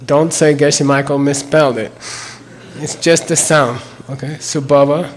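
Speaking in a highish voice with fairly even intonation, an older man teaches what a mantra sounds like and what it means. He is slow and methodical, spelling and repeating words and pausing to ask "okay?" after every point.

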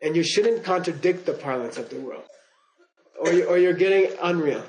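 A man's voice: a little high, moderate pace, darkish tone, muffled recording, a little hiss or hum. An older man teaching a class, telling digressive stories, chuckling and checking in with "okay?" and "you know?". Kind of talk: lecture to students.

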